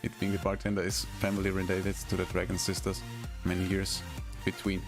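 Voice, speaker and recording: A male streamer with a lowish voice chats casually, laughing a lot and stumbling over fillers. Music plays clearly in the background. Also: monotone, brisk. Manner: laughs often, chatty, hesitant fillers. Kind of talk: casual live-stream chat.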